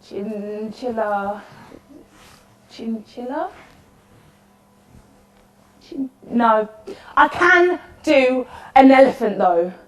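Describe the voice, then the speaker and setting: A woman with a fairly high, animated voice speaks extremely slowly and pauses often, performing a lonely, chatty woman at the end of the world in a solo interactive theatre monologue. She comes across as rambling, apologetic and nervously cheerful. The recording is in an echoey room, with her voice sounding far off.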